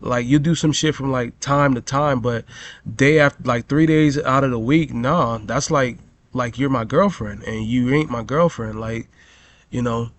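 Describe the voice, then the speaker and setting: A man's voice: medium pitch, a little slow. Young man ranting, swearing, rambling. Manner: rambling, heavy on "bro" and "you know", swears constantly. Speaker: vlogger. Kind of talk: profane storytelling rant.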